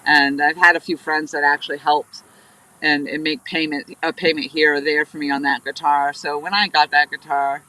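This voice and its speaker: Bright-voiced chatty woman streamer. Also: low voice, level tone, moderate pace, rough recording. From New Hampshire. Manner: rambling, chatty, greets viewers by name mid-story. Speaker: livestream host. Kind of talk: casual live-stream chat. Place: outdoors on a riverbank, fishing.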